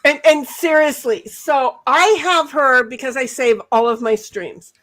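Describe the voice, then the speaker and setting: High-voiced woman chatting on a livestream. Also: unhurried, a bit bright. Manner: giggly, rambling storyteller with many restarts. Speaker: livestream co-host. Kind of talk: casual chat.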